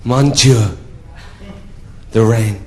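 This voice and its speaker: A drag performer voicing an elderly French count who speaks in a slow, flowery French accent. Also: male voice, fairly low pitch, slight background noise. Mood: swooning. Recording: echoey theatre with audience ambience.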